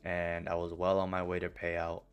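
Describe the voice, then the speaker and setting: A young man with a very deep, low voice tells stories bluntly, swearing casually as he talks. He speaks as a streamer chatting to his viewers. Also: monotone, normal speed, clear, resonant tone, muffled recording, soft background music. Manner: blunt, profane storytelling. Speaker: trading streamer. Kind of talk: casual vlog monologue.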